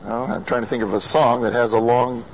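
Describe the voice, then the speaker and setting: Poor audio with a little hiss or hum carries an American man leading a lesson on vowel sounds, where he patiently voices each one and asks his students questions. His pitch is medium, his tone steady, and he talks a little fast, in the manner of a singing or diction teacher.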